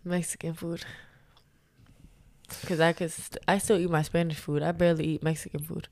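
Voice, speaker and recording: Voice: medium pitch, little pitch movement, moderate pace, darkish tone. A young adult co-hosting a podcast, teasing and giggling in casual chat. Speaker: podcast co-host.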